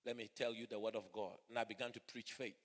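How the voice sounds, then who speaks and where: A middle-aged man preaching a sermon, swinging from hushed asides to fervent shouting. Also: fairly low pitch, little pitch movement, quick pace, big-room sound. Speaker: pastor. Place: church hall.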